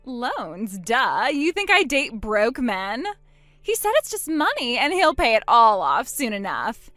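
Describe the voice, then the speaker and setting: A woman's voice: a little high, big pitch swings, unhurried, fairly bright tone, no echo, soft background music. A woman voicing a smug, taunting younger sister. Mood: gloating. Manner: mocking, taunting. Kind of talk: dramatized text-message story.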